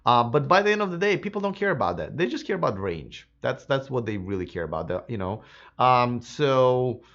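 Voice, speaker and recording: A man hosting a live electric car stream, answering viewer comments in a casual, chatty way, slightly hoarse. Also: mid-range voice, sing-song, fairly quick, fairly bright tone, dull audio. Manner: casual and chatty, many fillers and restarts. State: slightly hoarse, losing his voice.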